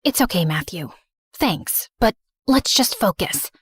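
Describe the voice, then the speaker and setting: A woman narrating a scripted animated story in first person, earnest and remorseful. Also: medium pitch, measured pace, breathy edge, no echo, clean studio sound.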